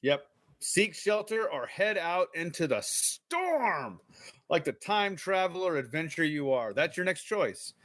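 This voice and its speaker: A man's voice: fairly high pitch, big pitch swings, measured pace, fairly bright tone, no echo. A man co-hosting a podcast, reading a kids' adventure book aloud with playful, joking asides. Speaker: podcast co-host. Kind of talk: casual live book reading.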